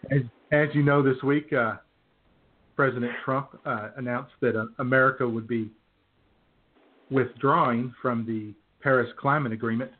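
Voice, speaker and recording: A man's voice: mid-range voice, fairly even intonation, moderate pace. A man co-hosting a comedy show in easygoing, chuckling banter, on a tinny phone-like recording with faint noise. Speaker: radio comedy co-host.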